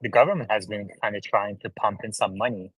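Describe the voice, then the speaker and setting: A man co-hosting a casual podcast, asking his questions in a flat, even way. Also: lowish voice, fairly quick, slightly rough, no room sound, poor audio.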